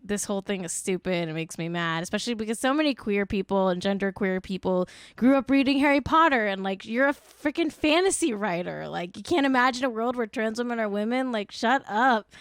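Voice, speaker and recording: A young woman hosts a casual commentary show and rants in a blunt, exasperated way, swearing freely. Her voice sits at an ordinary middle pitch for a woman. The recording is dry and close, with almost no room sound. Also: lively intonation, fairly quick, hardly any pauses, clean tone, dry recording. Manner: blunt, profane, exasperated ranting. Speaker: podcast host.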